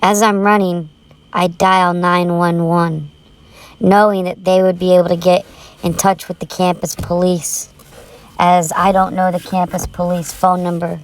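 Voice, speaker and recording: Woman storyteller, lowish voice, unhurried dramatic first-person horror read, urgent tone. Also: level tone. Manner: tense, urgent retelling.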